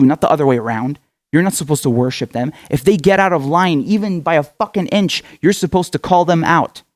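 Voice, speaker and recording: A man's voice: on the high side, darkish tone, no echo, studio quality. A man hosting his own political commentary show, ranting angrily and with lots of swearing as he lectures his viewers directly. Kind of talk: impassioned political rant.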